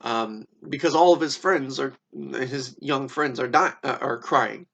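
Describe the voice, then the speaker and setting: A man with a gravelly, creaky voice at an ordinary pitch tells old dialogues in a loose, irreverent way. He fills gaps with "um" and "you know", tosses in swear words, and keeps checking in with "right?". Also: a little slow, a bit bright, muffled recording. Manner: casual, profane, many fillers and "right?" tags. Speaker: explainer retelling philosophy. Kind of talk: casual storytelling lesson.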